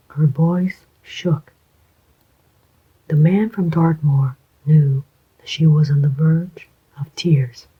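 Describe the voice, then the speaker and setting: An audiobook narrator reading a thriller aloud in a slow, even, hushed whispered role-play. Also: mid-range voice, breathy edge. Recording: dull lo-fi recording.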